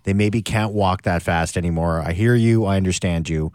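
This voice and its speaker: A man's voice: low voice, normal speed, darkish tone, no room sound, clean studio sound. A man on a radio panel ranting in exasperation and laughing at his own complaints. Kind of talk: casual radio panel chat.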